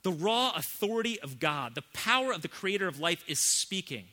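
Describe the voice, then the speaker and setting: A man preaching a sermon as pastor, emphatic, swinging between hushed and loud. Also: high-pitched, sing-song, moderate pace.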